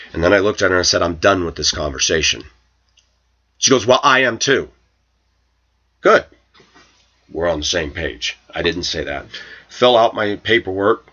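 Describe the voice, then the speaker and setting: A man's voice: sits low, moderate pace, long pauses, pushed and bright, dull audio. Indignant man telling a grievance story. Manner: aggrieved, indignant, quotes others in raised voice. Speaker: vlogger. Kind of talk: personal storytelling rant to camera.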